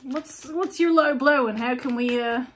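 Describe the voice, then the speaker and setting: A woman hosts a casual tarot reading, talking straight to her viewers in a chatty, blunt, animated way. Her voice sits a little higher than most women's and moves easily between brisk asides and relaxed explanation. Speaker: tarot reader, channel host.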